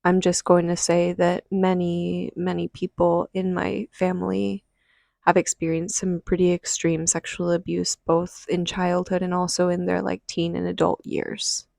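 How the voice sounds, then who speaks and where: A woman telling a deeply personal story, halting and earnest, with sighs and restarts between phrases. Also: monotone, vocal fry, a little mellow, no echo, clean studio sound. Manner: earnest and confessional. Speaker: podcast host. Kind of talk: personal testimony.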